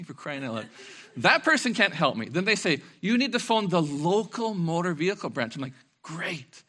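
This sermon comes from a middle-aged pastor whose high voice moves at a moderate pace. He animates his stories by acting out voices, laughing here and there.

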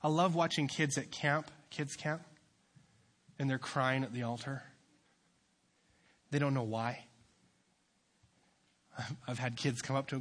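A young man preaching as a youth pastor, dropping into quiet asides and then building to loud, fervent exhortation. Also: mid-range voice, slow pace, pauses often. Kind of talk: sermon.

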